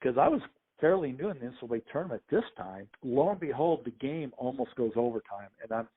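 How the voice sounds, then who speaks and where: A middle-aged man, a sports official and podcast guest, telling lively anecdotes in a conversational interview and acting out what other people said. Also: medium pitch, fast, husky. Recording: tinny phone line.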